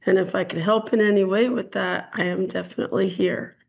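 Woman psychic host, gravelly low-energy fry, chatty and rambling, call-in reading. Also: fairly even intonation, brisk, a little mellow. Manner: chatty, hedging, frequent ums and "I'm getting". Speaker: psychic reader hosting a call-in show.

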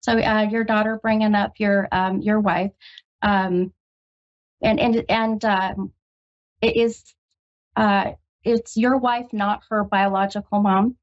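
A woman hosting a call-in psychic reading, halting and full of ums, gentle and reassuring with the caller. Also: medium pitch, steady tone. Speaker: psychic medium host. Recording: dull lo-fi radio recording.

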